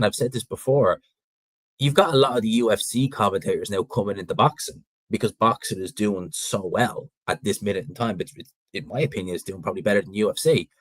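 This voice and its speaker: A man's voice: fairly low pitch, no echo, rough recording. A man with a North Dublin Irish accent, hosting a boxing channel and chatting casually through viewer questions with frank opinions. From Ireland. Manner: frank and opinionated, rambling with restarts.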